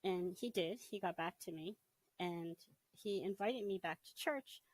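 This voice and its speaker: Middle-aged woman telling her own story, chatty, laughs a lot, does her old thoughts out loud, dry close mic. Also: fairly low pitch, unhurried, no room sound, poor audio. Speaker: interview guest. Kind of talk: personal testimony, casual storytelling.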